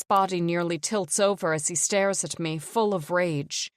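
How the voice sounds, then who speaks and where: A woman narrating a first-person thriller audiobook in a tense, measured way, close to the mic. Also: on the low side, fairly even intonation, dry recording.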